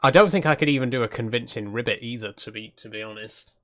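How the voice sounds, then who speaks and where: A man's voice: mid-range voice, fast talker, fairly bright tone. A man hosting a cozy game livestream in a casual, chatty way, laughing as he reads out chat suggestions and trailing off into self-deprecating asides. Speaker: streamer host.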